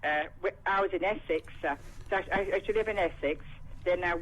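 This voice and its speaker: A woman's voice: fairly low pitch, a little fast. A woman from London with a Cockney accent, calling in to a radio show and rambling in casual chat. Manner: rambling, full of "and that". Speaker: caller. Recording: dull phone line with faint noise.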